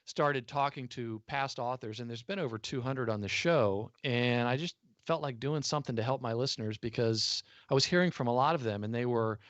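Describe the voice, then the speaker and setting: Casting: relaxed American man, mid pitch, chatty with frequent uh fillers, dry slightly muffled video-call sound. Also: fairly quick, hardly any pauses, no echo. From United States. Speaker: podcast host appearing as guest. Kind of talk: casual interview chat.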